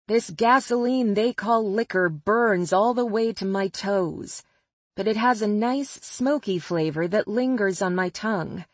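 A woman's voice: mid-range voice, dry recording. A woman narrating a first-person novel as an audiobook, with a wry, sardonic delivery.

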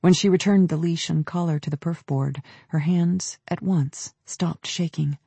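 A man narrating an audiobook in a measured, descriptive storytelling manner. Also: a little high, fairly even intonation, vocal fry, mellow, slightly rough, no room sound. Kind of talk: scripted narration.

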